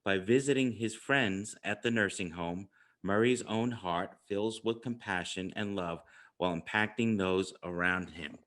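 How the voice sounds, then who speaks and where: A man's voice: fairly low pitch, measured pace, fairly bright tone. A middle-aged man with a New York accent hosting an interview podcast, speaking with upbeat emphasis. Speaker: podcast host.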